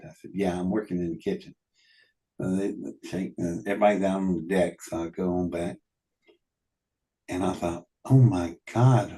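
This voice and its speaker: Low-voiced guy spinning party stories, laughs a lot, acts out the quotes. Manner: animated anecdotes, laughs often, quotes people. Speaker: guest telling stories. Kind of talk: casual storytelling.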